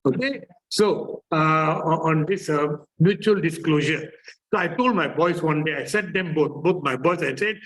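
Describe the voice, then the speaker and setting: A man's voice: on the high side, moderate pace, a bit bright, low-quality recording. A man from Malaysia with a Malaysian English accent, a therapist giving a chatty conference presentation full of fillers and repeats.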